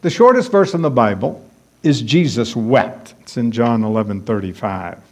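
A man's voice: medium pitch, lively intonation, normal speed, a little mellow. A man preaching a sermon, emphatic and repeating key words for stress.

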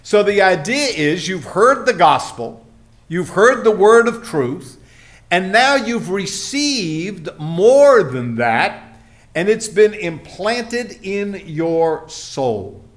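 Slow, lively-voiced male preacher. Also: high voice. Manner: folksy storytelling, acts out quoted voices. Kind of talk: sermon with anecdotes.

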